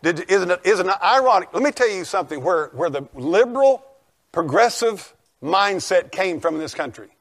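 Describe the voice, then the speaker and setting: An older male pastor, preaching a folksy, emphatic sermon that rises to shouts. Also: high-pitched, animated, moderate pace. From United States.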